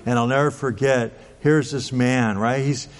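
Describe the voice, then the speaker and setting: A man's voice: medium pitch, steady tone, unhurried. A man in his sixties preaching a sermon, telling stories in a folksy way with frequent "right?" and "okay?" asides. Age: 60s. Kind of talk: sermon storytelling. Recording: long reverb of a large hall.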